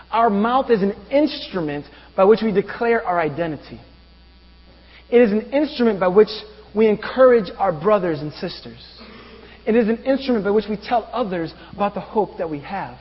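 A pastor preaching a sermon, asking the congregation rhetorical questions. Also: male voice, high voice, animated, normal speed, husky. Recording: dull reverberant room with mains hum.

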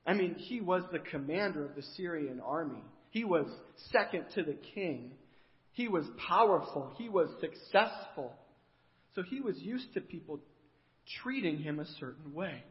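A man's voice: fairly high pitch, animated, normal speed. A male preacher animatedly retelling a story in a sermon, asking the listeners questions, in a dull, reverberant hall recording.

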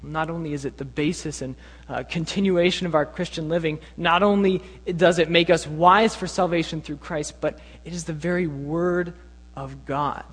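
An earnest young male preacher teaches with emphatic conviction. His voice sits high for a man. Long reverb hangs around every phrase in the church hall. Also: fairly even intonation, normal speed, fairly bright tone, husky. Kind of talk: sermon.

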